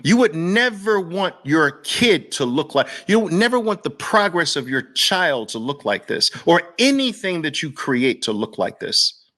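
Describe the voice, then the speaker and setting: Bright and forceful, the host's voice sits on the high side, with a sing-song lilt and a measured pace. He's a Brooklyn man with a New York accent, preaching an impassioned monologue full of repeated rhetorical questions and lists.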